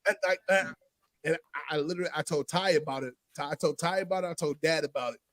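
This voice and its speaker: A man's voice: on the high side, quick pace, a little hiss or hum. A man telling a personal story in a casual podcast chat, acting out the voices of others and dropping to a near whisper at emotional moments. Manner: animated, acts out voices in his story, drops to a near whisper for emotional parts.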